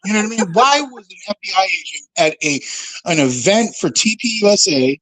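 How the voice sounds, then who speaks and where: A man in casual livestream chat from home, excitable, cursing freely and laughing often. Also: sits high, fairly quick, dry recording, rough recording.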